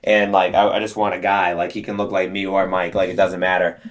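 A man's voice: low-pitched, little pitch movement, a little fast. A man, chatting as an interview guest, telling his story with lots of fillers. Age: 20s. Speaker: guest, detailing business co-owner. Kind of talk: casual interview talk.

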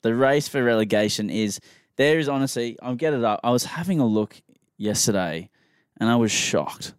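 A man's voice: mid-range voice, animated, normal speed, clean tone, no echo, clean studio sound. A man, hosting a casual podcast chat and rambling enthusiastically about sport. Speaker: podcast host.

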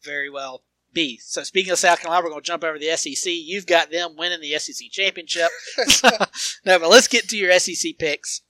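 A man co-hosting a casual sports podcast, animated and quick to laugh, sometimes slipping into a broadcaster-style call. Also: a little high, no room sound. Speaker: podcast co-host.

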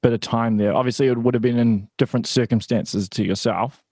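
Relaxed New Zealand podcast host, dry mic. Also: male voice, mid-range voice, brisk, dry recording. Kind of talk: casual interview.

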